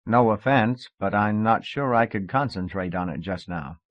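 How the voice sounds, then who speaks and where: A man doing a restless young man who jokes through his nerves, in a fairly low, plain voice. The cassette recording is dull, lo-fi and dry. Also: moderate pace, dry recording, close to an everyday voice. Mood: joking. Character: young man, restless, joking, puts on silly accents.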